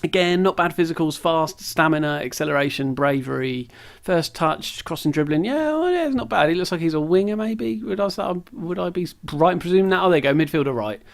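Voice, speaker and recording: A young man chats loosely over a sports management game, wandering into jokey, self-deprecating asides. His voice sits a little on the high side for a man. It sounds like it was picked up on a camera's own mic at home. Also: fairly quick, vocal fry. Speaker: gaming video creator. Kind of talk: casual let's-play commentary. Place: at home, sitting on the floor. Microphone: camera's built-in mic.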